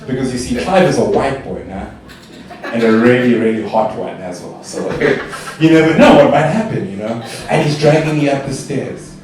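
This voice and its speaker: A young man from South Africa performing a stand-up comedy routine, telling stories in an animated way and jumping to high squeals when he quotes himself. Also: moderate pace. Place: stage in a club or hall. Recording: echoey live stage sound from a distance.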